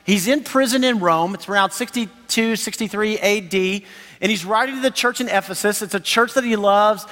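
A man in his thirties preaching a sermon as pastor, animated and enthusiastic, laughing often. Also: sits high, moderate pace. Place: church sanctuary. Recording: long hall reverb.

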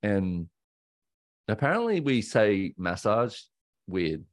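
Australian male podcast host, very low voice, dry close sound, halting candid storytelling. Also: very animated, no room sound. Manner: candid, halting, self-correcting. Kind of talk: personal storytelling monologue.

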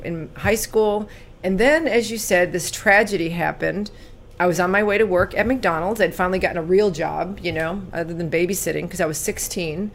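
A woman in her sixties from California recounts her past as an interview guest. Her low voice has a gravelly edge, and she turns earnest and lively in the telling, then goes quiet on the painful parts. A faint noise sits under the recording. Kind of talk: personal storytelling in an interview.

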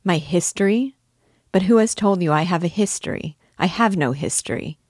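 A lonely, wistful young man who speaks earnestly and a little hesitantly, as a woman reads his lines. Her voice is low and even, with a dry, close sound. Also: a little slow, no echo. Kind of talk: audiobook character reading.

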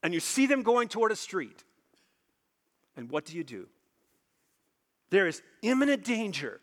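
A man preaching a sermon, emphatic, repeating phrases for stress and slowing low on key points. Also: big pitch swings, a bit bright, big-room sound.

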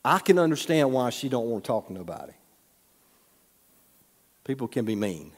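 A man's voice: mid-range voice, big pitch swings, moderate pace, breathy edge. Male pastor, conversational sermon, asks the congregation questions, long hall reverb. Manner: conversational, teasing the audience with questions. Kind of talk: sermon with storytelling.

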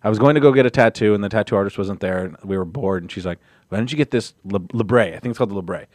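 Man, quick-talking, casual podcast chat, dry close sound, animated storyteller. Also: no echo. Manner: animated storyteller, jumps into high-pitched quoted voices. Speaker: podcast guest.

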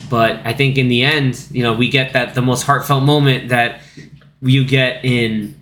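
A man's voice: medium pitch, steady tone, a little slow, a bit bright. A man in his thirties hosting a casual podcast chat, talking loosely with lots of fillers and acting out quotes in little put-on voices. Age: 30s. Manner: chatty, acts out lines from the film in quoted voices. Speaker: podcast host.

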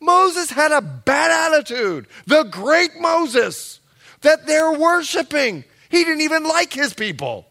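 A male pastor preaching a sermon, telling stories with lively acted-out quotes and emphatic, loud peaks. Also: very high-pitched, slow, gravelly. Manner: animated storytelling with acted-out quotes.

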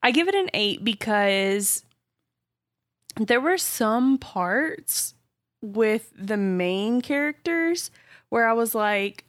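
A woman's voice: fairly high pitch, animated, takes it slowly, a bit bright, no echo, clean studio sound. Chatty woman co-hosting a podcast. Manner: chatty, frequent agreeing murmurs. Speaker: podcast co-host. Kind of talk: casual chat.

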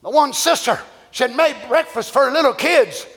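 A man preaching a fervent, shouted revival sermon, chanting repeated praises. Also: very high voice, normal speed. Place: church. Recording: long church reverb with congregation.

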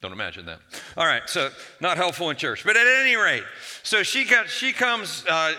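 A man's voice: a little high, sing-song, moderate pace, pushed and bright. A male pastor telling a Bible story in a conversational, humorous sermon with frequent restarts, recorded in a church. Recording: long church reverb.

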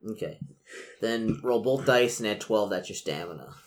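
A man serving as game master who reads a gamebook aloud in a relaxed podcast session and narrates expressively. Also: lowish voice, moderate pace, noisy background.

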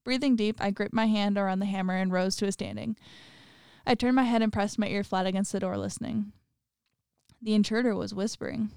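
Very clear-voiced woman reading horror aloud. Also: mid-range voice, steady tone, fairly quick, a little mellow, no room sound, clean studio sound. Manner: laughs often, chatty asides with lots of "like". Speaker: story reader. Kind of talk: reading a horror story aloud with casual commentary.

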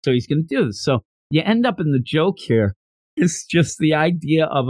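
A man's voice: on the high side, animated, moderate pace, no room sound. A man chatting casually about an anime, sarcastically acting out the characters' lines. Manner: sarcastic, acts out characters' lines in exaggerated voices. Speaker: podcast host reviewing an anime. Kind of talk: casual chat.

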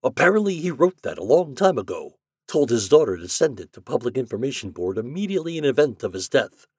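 A man voicing a scheming, chubby male propaganda chief in an audiobook story, pushy and persuasive, pitched a little higher than his narration. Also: big pitch swings, fast talker, a little mellow, husky, dry recording, clean studio sound. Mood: persuading.

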